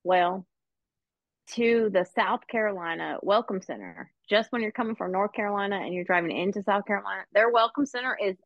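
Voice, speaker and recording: A woman hosting a casual talk show, telling animated, profane stories and laughing often. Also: mid-range voice, fairly quick, no echo, muffled recording. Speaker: podcast host. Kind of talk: casual storytelling chat.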